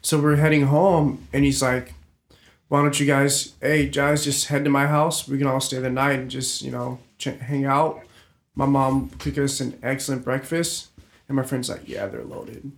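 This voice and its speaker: A man's voice: mid-range voice, level tone, normal speed. A man telling a rambling, swear-laced story in a casual chat with friends, full of restarts. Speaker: storyteller on a group podcast. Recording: roomy echo.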